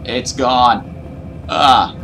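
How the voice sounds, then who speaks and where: A man's voice: mid-range voice, very slow, creaky, noisy background. Jumpy man narrating a horror game. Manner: nervous, panicky self-talk. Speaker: gaming YouTuber. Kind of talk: horror game let's play commentary.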